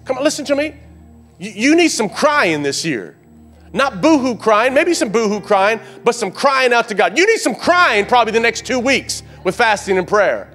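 A man preaching a sermon as pastor, rising into loud fervent calls and dropping to quiet asides, often repeating words as he builds. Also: very high voice, very animated, moderate pace, faint music behind. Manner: repeats and restarts words when fired up.

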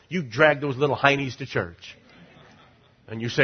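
A middle-aged man preaching as pastor, urging the crowd to repeat lines and swinging from loud rising calls to low, confiding asides. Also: moderate pace, slightly rough, lo-fi sound. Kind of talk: sermon.

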